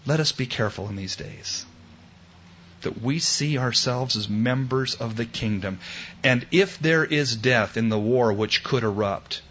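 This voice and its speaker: A man preaching a sermon, swinging from loud exclamations to hushed, tender quoted words. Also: medium pitch, measured pace, a little hiss or hum. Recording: dull lo-fi recording.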